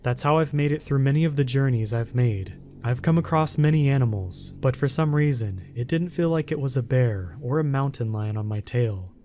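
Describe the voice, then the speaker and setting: Man, horror story narrator, calm and steady, mellow dark tone, faint music underneath. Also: medium pitch, moderate pace, few pauses.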